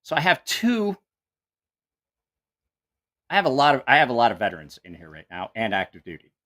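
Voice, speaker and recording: A man's voice: mid-range voice, wildly swooping pitch, fairly quick, a bit bright. A man hosting a live stream, reacting in incredulous, mocking, profanity-laced rants and laughing at what he sees. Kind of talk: casual live-stream commentary.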